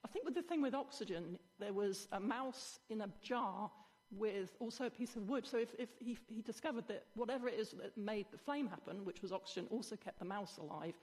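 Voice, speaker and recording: A woman's voice: mid-range voice, brisk, a little mellow, husky. A woman chemist explaining in a casual panel chat, laughing now and then. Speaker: atmospheric chemist guest. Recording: reverberant hall.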